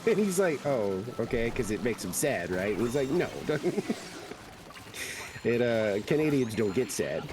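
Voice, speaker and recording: A man's voice: mid-range voice, very animated, slow, long pauses, background noise. A man streaming a game, chatting casually and rambling through stories with lots of fillers. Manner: rambling storyteller with many fillers. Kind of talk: casual chat while gaming.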